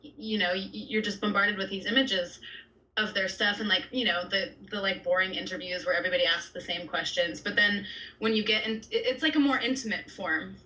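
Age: adult. Sex: woman. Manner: bright, chatty, laughing. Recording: distant from the mic over a video call. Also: medium pitch, fairly even intonation, fairly quick. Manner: rambling, heavy use of "like", laughs often, swears casually. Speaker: artist guest. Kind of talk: casual chat. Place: San Francisco area.

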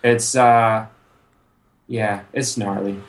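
A man's voice: fairly low pitch, level tone, drawn-out words. Laid-back, rambling man in casual chat. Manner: laid-back, swears freely, rambling asides; trails off with frequent "you know".

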